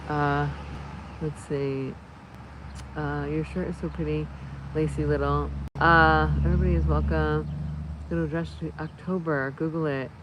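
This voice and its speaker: A woman in her fifties hosting a casual livestream, reading viewer comments in a rambling, excitable way with many fillers and restarts. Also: fairly low pitch, very noisy. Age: 50s. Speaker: livestream host.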